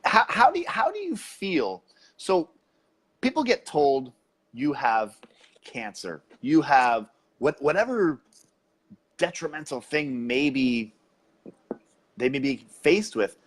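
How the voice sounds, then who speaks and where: A man hosts a casual interview. He asks questions and backs his guest up with quick affirmations, and his pitch moves around with lively range. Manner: supportive and affirming, with quick agreements. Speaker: interview host.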